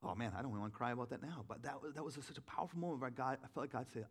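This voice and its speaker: A man preaching a sermon in a relaxed, storytelling way, with many "like"s and restarts, poking fun at himself. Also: mid-range voice, rapid-fire, hardly any pauses, slightly rough. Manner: conversational, self-deprecating storytelling with many fillers. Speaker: pastor.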